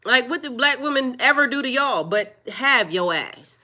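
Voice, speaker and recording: Lady on a live stream telling off trolls in chat, preachy and firm, bright kinda sharp voice. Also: high-pitched, expressive, moderate pace. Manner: firmly scolding trolls, preachy. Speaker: livestreamer.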